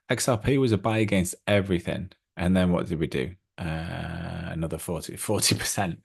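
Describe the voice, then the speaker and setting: A middle-aged man hosting a crypto trading channel, chatting casually through charts with lots of ums and excited asides. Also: low-pitched, vocal fry.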